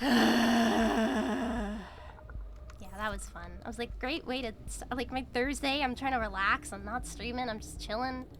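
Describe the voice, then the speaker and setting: A woman livestreamer talks loosely while she plays, swearing freely and trailing off into filler words. Her voice sits a little high and rings bright and sharp. She comes across as blunt and outspoken. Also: fairly quick, few pauses, slight background noise. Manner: blunt and profane, rambling with many fillers. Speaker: VTuber streamer. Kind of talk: casual chat while streaming a game.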